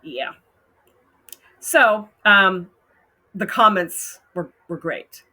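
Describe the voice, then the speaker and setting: A woman's voice: medium pitch, lively intonation, very slow, pushed and bright. A woman hosting a casual advice talk, frank and blunt, often laughing as she reads out posts. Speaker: host giving advice.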